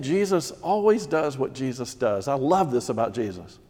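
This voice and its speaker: A man preaching a sermon, expounding scripture and dropping to hushed emphasis at key points. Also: mid-range voice, very animated, moderate pace, big-room sound. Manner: expository preaching, voices Mary's distress, drops to hushed emphasis.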